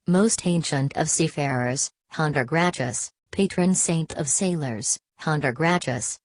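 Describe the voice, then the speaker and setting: A woman voicing an ancient, weary male ghost of a hunter in a read-aloud story, in a calm, measured way. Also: low-pitched.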